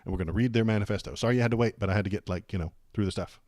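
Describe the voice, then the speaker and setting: A man hosting a live political stream rambles through his reactions in a low voice, with sarcastic asides and muttered curses. The sound is close and dry, with no room echo at all. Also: racing, a little mellow. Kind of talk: casual political commentary and reaction.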